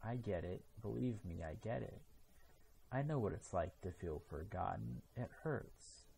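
A man's voice: fairly low pitch, lively intonation, measured pace, creaky, mellow, a little hiss or hum. A man reading the part of a stubborn young ninja who has become a ghost, in an earnest storybook voice. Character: determined young male ninja hero turned ghost. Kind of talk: reading a children's storybook aloud.

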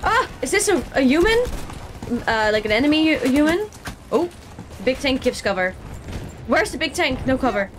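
A woman streamer giving excitable, chatty commentary while playing a shooter game, often exclaiming and laughing at herself. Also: sits high, moderate pace, pauses often. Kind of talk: casual gameplay commentary. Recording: game gunfire loud behind the voice.

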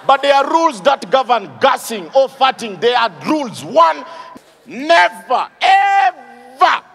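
A man doing an animated stand-up comedy routine, shouting his punchlines and acting out characters. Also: very high-pitched, normal speed, slightly rough. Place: live comedy stage. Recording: live stage with audience noise.

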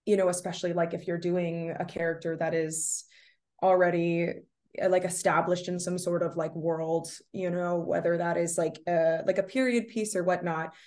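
A woman's voice: lowish voice, level tone, moderate pace, darkish tone. A young woman from the United States, an actress chatting casually as an interview guest, with lots of fillers. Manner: chatty, many fillers, laughs often.

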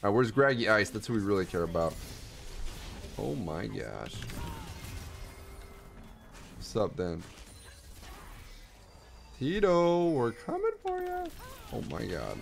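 A young man giving excited gameplay commentary as a streamer, full of gamer slang and exclamations, with faint music behind him. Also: sits low, slow, creaky, long pauses.

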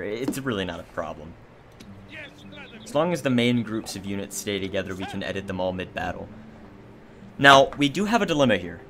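A man's voice: on the low side, background noise. A man giving casual gameplay commentary as a let's play host, joking and sarcastic with mock-dramatic complaints.

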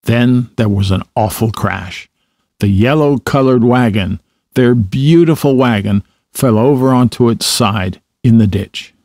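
Male storybook narrator, slow and measured, dry close sound. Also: mid-range voice, a little mellow, no echo.

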